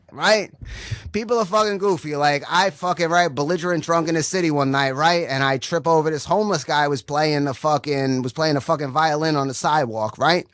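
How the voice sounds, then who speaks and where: Young guy doing a rambling sweary stand-up bit, kinda high voice, dry sound, keeps going "right?". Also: normal speed, a bit bright, no room sound. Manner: rambling, swears constantly, says "right?" often. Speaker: stand-up comedian. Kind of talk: profane stand-up set.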